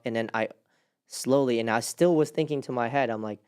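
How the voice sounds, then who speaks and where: A young man hosting a casual chat, telling a personal story in a rambling way, with lots of "like" and sudden jumps up in pitch as he relives his panic. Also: fairly quick, a little mellow, smooth. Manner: rambling with many restarts and "like". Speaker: host.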